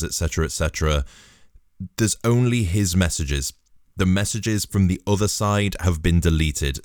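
Deep-voiced man, casual sweary comic monologue, dry close sound. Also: darkish tone, no room sound. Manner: sweary, rambling, sardonic.

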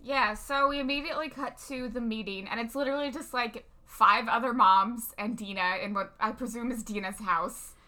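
A woman's voice: a little high, fairly even intonation, moderate pace, hardly any pauses, bright, forceful tone. A young woman co-hosting a podcast who jokes and giggles while casually recapping a movie, saying "like" often. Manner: giggly, joking, heavy use of filler "like". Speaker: podcast co-host.

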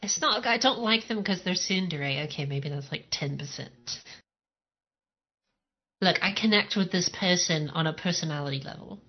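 A woman's voice: fairly low pitch, normal speed. A woman in casual chat, wry and joking, swearing freely. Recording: dull lo-fi sound.

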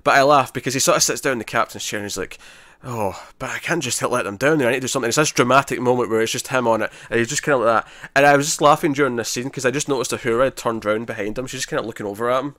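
Animated man in a casual chat. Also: mid-range voice, very fast, few pauses, no echo, clean studio sound. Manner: animated retelling, full of restarts. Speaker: podcast co-host.

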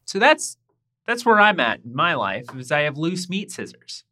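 Bright-voiced lady cohost rambling away, gets loud when she's hyped. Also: low voice, normal speed. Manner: rambling, chatty, swings loud when excited. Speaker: podcast co-host. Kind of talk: casual chat. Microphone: home mic over a voice call.

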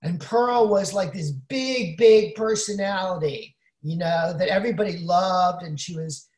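Brief: woman co-host, lowish voice, explanatory chat manner, roomy echo. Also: unhurried, darkish tone. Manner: explanatory, frequent "you know" fillers. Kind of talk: casual chat, explaining astrology.

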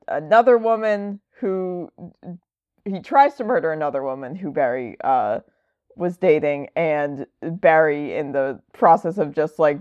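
A woman's voice: deep voice, no room sound, lo-fi sound. A woman chatting casually, rambling with lots of fillers and wry asides. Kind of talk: casual chat.

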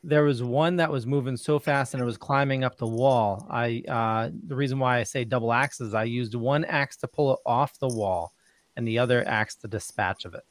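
A man's voice: mid-range voice, normal speed, no echo. A man talking casually, with lots of hesitant restarts and fillers. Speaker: guest. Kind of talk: casual chat.

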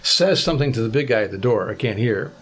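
A man, a podcast guest, telling a travel story in a vivid, animated way. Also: medium pitch, fast talker, noisy background. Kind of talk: storytelling anecdote.

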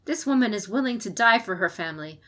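Fierce defiant samurai woman, impassioned, forceful pleading, raised voice, audiobook role a woman reads out. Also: mid-range voice, lively intonation, fast talker, lightly acted. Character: fierce female samurai advisor, defiant, passionate.

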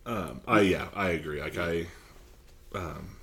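A man co-hosting a podcast, chatting casually and laughing as he retells movie scenes with animated bursts. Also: sits low, slow. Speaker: podcast co-host. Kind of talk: casual chat.

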